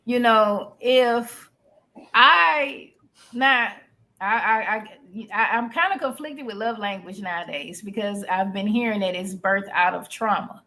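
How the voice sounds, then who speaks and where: A woman in casual podcast chat, talking in an animated, folksy way with frequent restarts. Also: medium pitch, a little slow. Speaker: podcast co-host.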